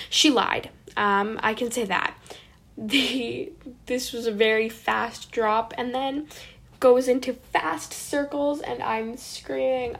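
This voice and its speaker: Gravelly-voiced woman telling a dramatic story. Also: on the high side, slow. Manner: dramatic, animated, self-mocking. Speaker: vlogger. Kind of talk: personal storytelling.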